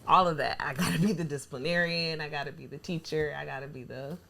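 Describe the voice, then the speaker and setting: A woman's voice: sits low, steady tone, fast, vocal fry, crowd noise. A woman guest on a casual podcast, talking frankly about parenting. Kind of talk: casual chat.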